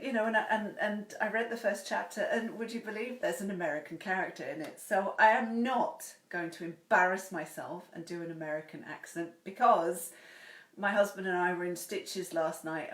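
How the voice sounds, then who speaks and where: Woman host, effusive and chatty, reading aloud in an echoey home room. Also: lowish voice. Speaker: host reading a book's first chapter. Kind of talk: livestream chat and read-aloud. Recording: roomy echo.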